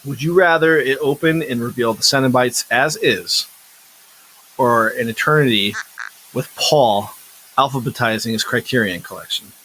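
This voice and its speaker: A man's voice: medium pitch, moderate pace, bright, forceful tone, a little hiss or hum, rough recording. A man co-hosting a podcast, chatting casually about a movie and chiming in with asides and hypothetical questions. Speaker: podcast co-host.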